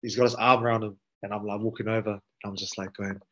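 Pro rugby guest, NZ accent, lowish voice, slangy storyteller, dull lo-fi sound. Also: male voice, fast. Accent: New Zealand. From New Zealand. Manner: relaxed, slangy, swears, acts out quoted dialogue. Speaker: guest, professional rugby player. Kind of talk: casual storytelling.

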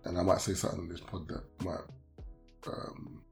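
Laid-back London man with low voice. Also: normal speed, vocal fry, soft background music. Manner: laid-back slang-heavy banter, gets loud and animated telling stories. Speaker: podcast guest. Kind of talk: casual podcast chat.

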